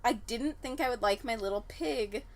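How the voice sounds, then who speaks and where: A young woman co-hosting a casual podcast chat, telling stories and acting out quotes with big jumps in pitch. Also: moderate pace. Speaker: podcast co-host.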